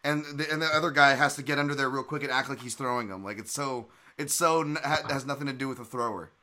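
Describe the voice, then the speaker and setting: A man's voice: medium pitch, quick pace, bright, forceful tone. A man hosting a podcast, chatting casually and rambling with lots of restarts. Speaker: podcast host. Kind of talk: casual chat.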